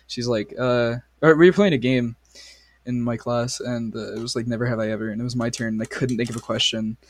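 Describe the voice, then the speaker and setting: A man's voice: medium pitch, steady tone, brisk, slight background noise. A young man co-hosting a casual podcast, swearing a lot and retelling stories with animation. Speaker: podcast co-host. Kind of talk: casual chat.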